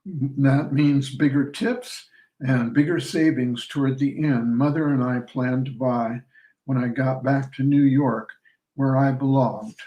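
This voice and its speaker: A man reading as a sharp-tongued young barmaid. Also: mid-range voice, steady tone, a little slow, close to an everyday voice. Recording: roomy sound from a distant mic.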